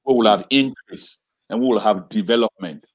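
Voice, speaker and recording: A man's voice: on the low side, moderate pace, dull audio. A man speaking as an interview guest and educator on a video call, talking with passion, repeating phrases and asking rhetorical questions. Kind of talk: impassioned talk on a video call.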